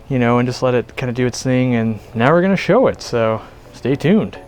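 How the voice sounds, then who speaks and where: A man hosting a casual outdoor vlog, talking in a relaxed, rambling way with lots of fillers while standing by a garden pond. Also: mid-range voice, brisk, a little hiss or hum. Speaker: aquarium shop owner and channel host.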